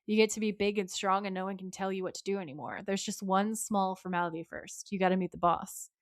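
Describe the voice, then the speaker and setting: A woman's voice: mid-range voice, flat delivery, quick pace, no room sound, clean studio sound, lightly acted. A woman voicing a smug female demon who talks in a coaxing, knowing way.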